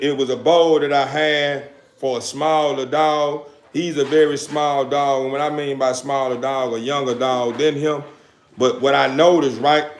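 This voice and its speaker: High-voiced man talking dog care in an echoey space. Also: a bit bright. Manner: loose and repetitive, addresses viewers as family. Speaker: dog breeder and channel host. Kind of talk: casual talk to camera. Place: kennel yard with dogs around.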